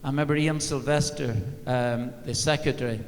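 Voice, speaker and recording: A man's voice: mid-range voice, fairly even intonation, a little fast. An older man, a former football manager, telling wry, dryly funny stories on stage. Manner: anecdotal, wry, dry humour. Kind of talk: live on-stage storytelling. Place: large arena stage. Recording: long reverb of a big hall.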